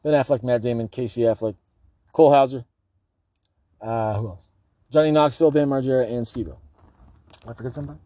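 A man giving a rambling, erratic, profane monologue, swinging between low muttering and loud outbursts. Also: fairly quick, long pauses, dry recording.

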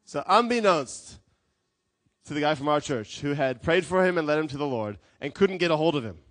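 A man preaching a sermon as a pastor, telling stories with lively acted quotes. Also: fairly high pitch, a little fast, no echo. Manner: animated storytelling with acted quotes.

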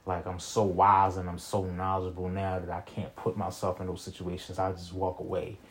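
A man's voice: deep voice, monotone, moderate pace, a little hiss or hum. Slangy young man telling a story. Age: young adult. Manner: slangy, rambling, frequent "you feel me" and restarts. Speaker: vlogger telling a personal story. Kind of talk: casual storytelling monologue.

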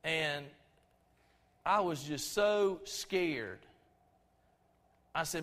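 A middle-aged pastor from Albany, Georgia, preaches a folksy, storytelling sermon in a Southern accent, often stumbling and restarting as he goes. His voice is high for a man, a bit bright, and extremely slow. His conversational delivery echoes with a long reverb through the church sanctuary.

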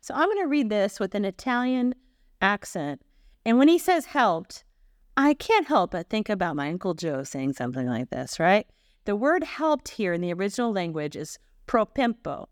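Her mid-range voice is sing-song and a little quick, captured at studio quality with no echo on a podcast microphone. As co-host of a missionary podcast, she chats playfully through Bible passages and laughs frequently.

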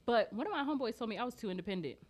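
Brief: woman co-host, lively swooping pitch, blunt and profane, podcast rant. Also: very fast. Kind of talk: casual chat.

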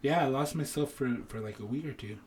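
A man co-hosting a podcast in casual chat among friends, slangy and swearing, halting and repeating himself. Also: medium pitch, slightly rough. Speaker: podcast co-host.

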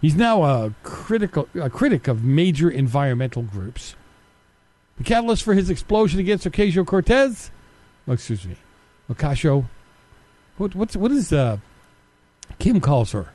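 Combative man with a lively voice. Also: on the high side, normal speed, long pauses, no room sound. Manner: combative, sarcastic, rhetorical questions. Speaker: political commentary host. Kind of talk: opinionated monologue.

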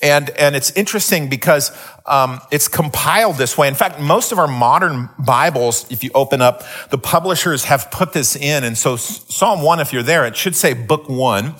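A man's voice: fairly high pitch, normal speed, a bit bright. A middle-aged man preaching a sermon, telling a story with many restarts before teaching. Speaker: pastor.

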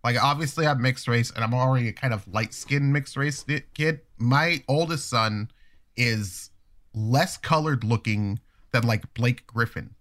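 A man in his thirties telling stories in casual chat, animated and profane, acting out other people's voices. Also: medium pitch, unhurried. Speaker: podcast co-host telling stories.

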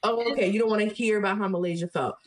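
A woman with a mid-range voice, talking fast and heatedly on a podcast. She retells what happened and slips into the voices of the people involved. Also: medium pitch, a loud crowd. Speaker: podcast co-host. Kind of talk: casual chat.

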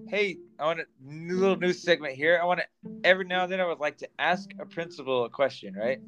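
A man's voice: on the high side, fast talker, fairly bright tone, soft background music. A man co-hosting a podcast in a loose, chatty way, laughing often. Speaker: podcast co-host. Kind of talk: casual chat.

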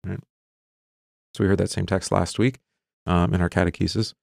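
A middle-aged pastor reads long scripture passages in a low, gravelly, slightly mellow voice, his delivery mostly flat but his emphasis rising on the pleading lines. Between readings he teaches in loose asides full of ums and quick restarts. The sound is dry and close, with no echo or room behind him.

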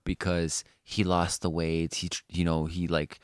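Podcast co-host, male, very low voice, dry close sound, rambly and casual with filler words. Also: completely flat delivery, measured pace, clear, resonant tone, dry recording. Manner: rambling, heavy use of "like" fillers, swears casually. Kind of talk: casual chat.

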